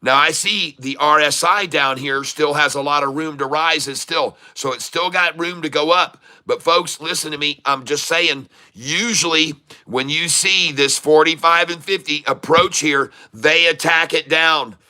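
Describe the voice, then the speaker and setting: There's a sharp tone to this man's rather high voice, and he speaks unhurriedly with few pauses. Live-streaming his day-trading commentary, he jokes with chat and laughs often while reading it, then repeats urgent warnings to viewers.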